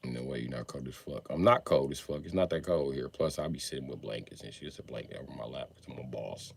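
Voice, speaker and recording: A man's voice: rumbling low, quick pace, vocal fry, a little hiss or hum. A man in his forties chatting casually on a livestream, answering viewers with profane, slangy, joking banter. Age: 40s.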